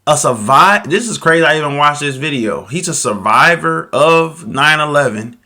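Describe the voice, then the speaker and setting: A man from Chicago hosting a reaction video, chatting casually with slang and animated asides. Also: a little high, normal speed. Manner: animated, slangy, talks straight to viewers.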